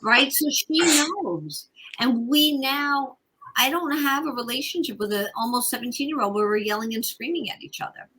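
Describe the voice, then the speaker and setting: A woman's voice: sits high, normal speed, bright, forceful tone, slightly rough, rough recording. A woman in her forties, a parenting coach speaking as a guest in a casual interview, emphatic and repeating her key points.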